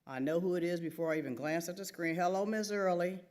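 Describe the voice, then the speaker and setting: A woman's voice: deep voice, quick pace, a little mellow. Woman author, reading aloud, wry, conversational, live theater event. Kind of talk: reading her novel aloud.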